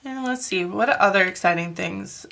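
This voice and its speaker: A woman from northern Wisconsin, hosting a coloring channel and chatting casually, rambling with soft laughs and fillers. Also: mid-range voice, moderate pace, gravelly. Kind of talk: casual chat while coloring.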